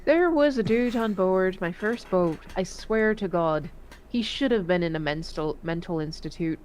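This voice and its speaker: A woman who served in the Navy, telling profane, animated stories in a casual voice chat. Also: lowish voice, moderate pace, slight background noise. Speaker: Navy veteran storyteller.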